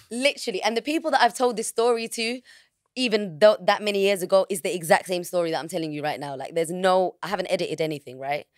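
A woman's voice: medium pitch, fast, dry recording, studio quality. A woman, a podcast guest telling a personal story candidly in frank, slangy words. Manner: frank, slangy, vivid retelling.

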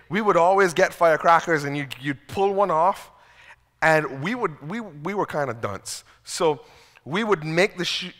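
A man's voice: fairly high pitch, bright, forceful tone. A man preaching a sermon as pastor, conversational and self-deprecating, often repeating words as he starts a sentence. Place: church sanctuary. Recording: long reverb of a church hall.

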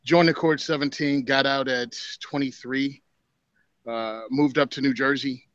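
A man's voice: mid-range voice, moderate pace, no room sound. Man from Virginia on a dull remote line. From Southern Virginia. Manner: relaxed storytelling, country-style. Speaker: podcast guest. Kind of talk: casual chat.

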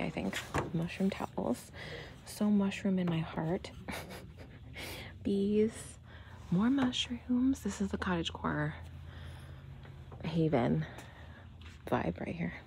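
A woman filming a casual shopping vlog. She talks from her car, then murmurs half-whispered comments as she browses a quiet store. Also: lowish voice, animated, slow pace, creaky, pauses often, a little hiss or hum. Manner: chatty, gushing over cute finds. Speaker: shopping vlogger.

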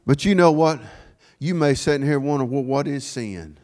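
A man preaching a sermon in a church, sprinkling his talk with amen and praise God, swinging from quiet asides to raised, ringing declarations. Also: on the high side, normal speed. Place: church sanctuary.

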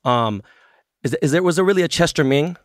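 A man hosting a podcast, asking quick, eager questions and swearing casually. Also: on the high side, expressive, no echo, studio quality. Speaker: podcast host.

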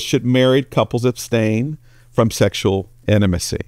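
A man's voice: brisk, no room sound, studio quality. A male pastor giving a sermon, telling jokes and storytelling with big jumps in his voice. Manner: animated storytelling, voice jumps high for characters.

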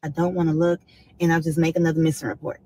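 A woman's voice: low-pitched, level tone, fast, warm tone, dry recording, rough recording. A woman in an interview clip, rambling as she retells conversations with her daughter. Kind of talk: interview storytelling.

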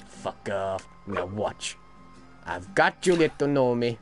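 A man narrates his own gameplay at an unhurried pace. His voice swings widely in pitch as he swears, laughs and shouts at the game. Faint game music runs beneath him. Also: animated. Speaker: let's play gamer. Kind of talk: gaming commentary.

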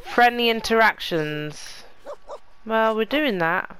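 A woman's voice: fairly high pitch, animated, slow, fairly bright tone, slight background noise. A woman hosting a let's play, chatting casually to the characters in her game as she plays. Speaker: gaming channel host.

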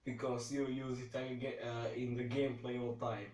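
A man's voice: mid-range voice, flat delivery, moderate pace, darkish tone. A teenage boy hosting a casual gaming video, goofing around, joking, swearing and laughing often. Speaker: gameplay host. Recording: roomy, distant mic, noisy background.

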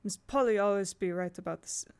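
Woman narrator doing a gruff village boy, gravelly. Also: mid-range voice, quick pace, a little mellow, close to an everyday voice. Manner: gruff and contemptuous.

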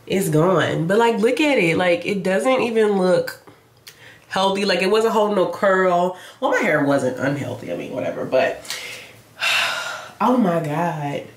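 Speaking straight to her audience as "y'all," a young beauty vlogger keeps things chatty and casual in a home vlog. Her pitch is fairly low. The indoor recording has a roomy feel and faint noise.

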